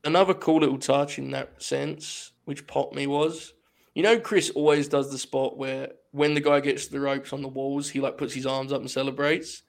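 A man hosting a casual wrestling review podcast, animated and profane, laughing often as he talks. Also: mid-range voice, normal speed, gravelly. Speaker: podcast host.

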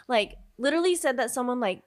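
A young woman telling a story in casual chat, animated, acting out the quotes, and laughing often. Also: sits high, quick pace, crowd noise.

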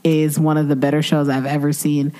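A woman co-hosting a casual podcast, with a voice on the lower side. She is animated, laughs easily, and gushes with enthusiasm. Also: a little fast. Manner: animated, laughs often, gushes about favorite shows. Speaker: podcast co-host. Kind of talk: casual chat.

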